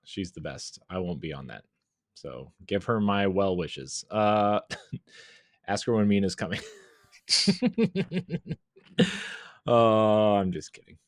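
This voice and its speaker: A man hosts a podcast with a very deep voice, recorded close and dry. He jokes and teases his co-hosts and laughs easily in loose, casual chat. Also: expressive, slow, long pauses, no echo. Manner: joking and teasing, often laughing. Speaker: podcast host and editor.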